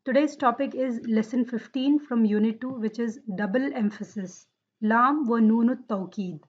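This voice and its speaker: A woman's voice: a little high, fairly quick. A woman teaching a Quranic Arabic grammar lesson, explaining step by step and checking in with her students. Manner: explains step by step, asks questions. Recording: dull lo-fi sound.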